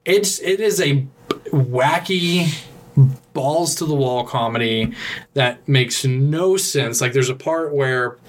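A male podcast co-host who retells a film in loose, rambling chat. He pauses often, stacks up fillers and breaks into laughter. His voice sits in a middle range, with faint noise behind it. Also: mid-range voice. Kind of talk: casual movie recap chat.

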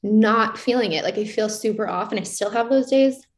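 A young woman speaking as an interview guest, candid and animated as she acts out her own inner questions. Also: mid-range voice, normal speed. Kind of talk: casual reflective interview talk. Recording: roomy echoey sound.

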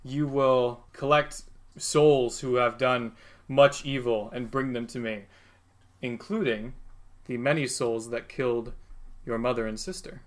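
A man voicing Satan, a huge horned ruler of hell, in his own voice with slow, solemn delivery. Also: medium pitch, fairly even intonation, natural voice.

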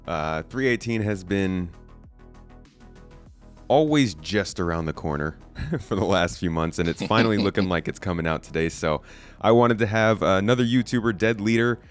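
Deep-voiced man hosting a podcast. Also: normal speed, faint music behind. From California. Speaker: podcast host. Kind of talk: casual podcast chat.

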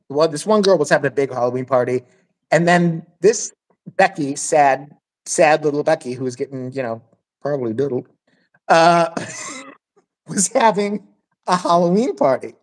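A woman's voice: sits low, lively intonation, normal speed. A woman hosting a podcast, telling a crude, blunt story in casual chat and swearing freely. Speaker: podcast host.

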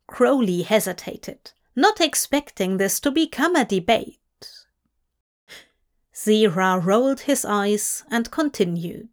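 A woman narrating fan fiction as an audiobook reading, measured and deliberate. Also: medium pitch, lively intonation.

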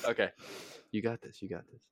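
A man's voice: on the low side, steady tone, fairly quick, fairly bright tone, dry recording. A man co-hosting a casual podcast quiz, laughing often, swearing, and playfully unsure of his answers. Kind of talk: casual chat.

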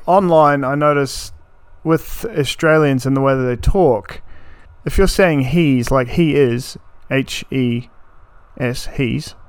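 A man's voice: medium pitch, clean tone, dry recording. A man in his thirties, from New Zealand, hosting a solo podcast in a blunt, sweary, ranting way. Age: 30s. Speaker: podcast host.

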